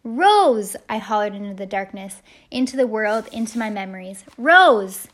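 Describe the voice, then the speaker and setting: A woman's voice: medium pitch, fairly even intonation, a little fast. A woman narrating a first-person audiobook in a heartfelt storytelling manner. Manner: heartfelt storytelling, shouting the quoted lines.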